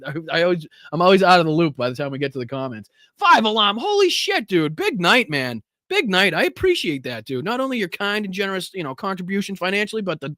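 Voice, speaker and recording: A man's voice: on the high side, fairly bright tone, dry recording, clean studio sound. A man with a Boston accent hosting a political livestream, swearing freely, laughing and thanking viewers while he catches his breath. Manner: profane, rowdy, laughing, out of breath. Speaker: political show host. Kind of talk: profane livestream commentary and viewer shout-outs.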